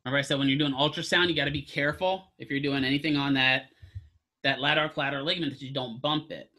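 A man's voice: medium pitch, fairly even intonation, fast, sharp tone. A man teaching a physical therapy class, lecturing casually, quizzing students and throwing in jokes. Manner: asks students questions, casual joking asides.

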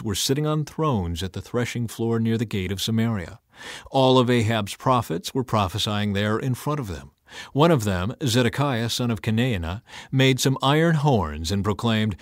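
A man's voice: medium pitch, no room sound, clean studio sound. Man narrating scripture. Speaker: Bible reader.

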